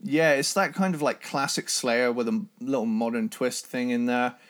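A man co-hosting a casual music podcast, talking with enthusiasm in a hoarse voice. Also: medium pitch, moderate pace. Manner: enthusiastic, imitates drum sounds. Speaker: podcast co-host.

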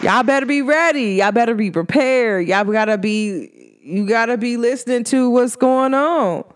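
At a normal speed and with a clean tone, a female vlogger chats through a laid-back motivational talk, slangy and laughing frequently, her pitch swooping up whenever excitement hits. Some chatter can be heard behind her.

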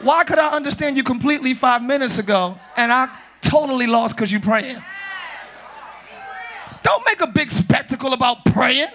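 A middle-aged male pastor preaching to a live congregation in a church, playful and joking, often shouting. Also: extremely high pitch, animated, normal speed, a little hiss or hum. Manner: playful, shouting, mimics churchy prayer voices. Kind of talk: comedic sermon to a live congregation. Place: church sanctuary.

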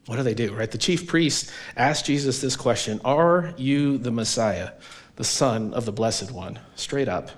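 A man preaching a sermon as pastor, earnest and emphatic, often checking in with his listeners with a quick question. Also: mid-range voice. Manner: earnest, emphatic, keeps asking "right?".

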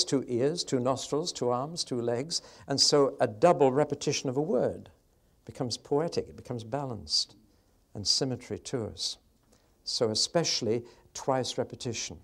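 A man teaching about poetry in the Bible, speaking in a measured lecture style and pausing with fillers. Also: medium pitch. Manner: measured, reciting verses with rhythmic emphasis. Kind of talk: spoken lecture.

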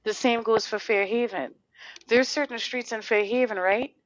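A woman's voice: a little high, steady tone, moderate pace, dry recording, lo-fi sound. A woman hosting a casual podcast, talking in a heated, blunt and profane way, firing off rhetorical questions. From Connecticut. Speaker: podcast host.

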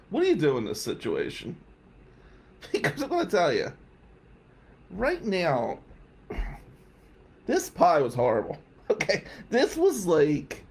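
Man, higher-pitched and expressive, casual anecdote told straight to the audience. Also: gravelly. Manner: animated, conversational, addresses listeners directly. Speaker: storyteller.

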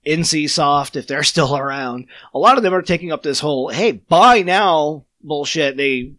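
Podcast co-host, male, smoker's voice, fairly high pitch, ranting casually. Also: normal speed, bright, forceful tone, dry recording. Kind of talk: casual gaming chat.

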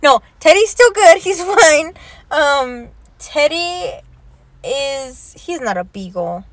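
A young woman with a high, bright-pitched voice chats casually, laughing often and swearing freely as she slips Spanish words into her talk. The sound is close and dry, with no room around it. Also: lively intonation, slow, no room sound. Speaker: vlogger. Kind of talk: casual chat.

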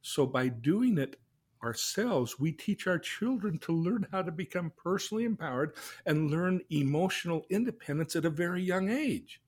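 Middle-aged man, podcast host. Earnest, instructive, deliberate on key points. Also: on the high side, expressive, darkish tone, slightly rough. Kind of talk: casual advice talk.

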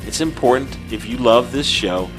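A man's voice: mid-range voice, normal speed, over music. A man co-hosting a podcast in casual chat, plugging a store and laughing often. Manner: chatty, salesy plugs, laughs often. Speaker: podcast co-host.

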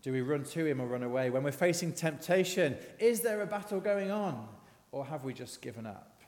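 A man's voice: fairly high pitch, animated, brisk, a little mellow, long reverb tail. A man giving a conversational sermon, asking the congregation questions as he goes. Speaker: preacher. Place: church.

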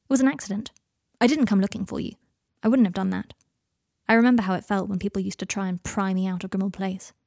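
A woman reading a story plays a weary, lonely young investigator. He speaks plainly and quietly, a bit hesitant, in a middle pitch. The recording is dry and close. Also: fairly even intonation, quick pace, gravelly, no room sound. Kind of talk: audiobook reading of fan fiction.

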